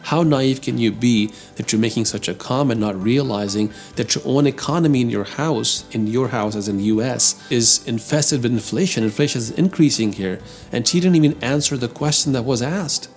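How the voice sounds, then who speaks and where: Man, commentary host, emphatic, heated, mid-pitched voice, faint music. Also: a little fast, gravelly, a little mellow. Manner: emphatic, addresses listeners as folks, gets heated. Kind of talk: opinionated commentary on the economy.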